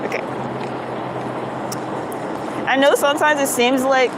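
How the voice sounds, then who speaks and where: A woman's voice: medium pitch, normal speed. A young woman, talking casually and animatedly on a live stream while walking around outdoors. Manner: chatty, animated, spiritual talk, swings to loud excitement. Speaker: livestreamer. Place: outdoors in a city, walking with bags. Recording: outdoor street noise behind.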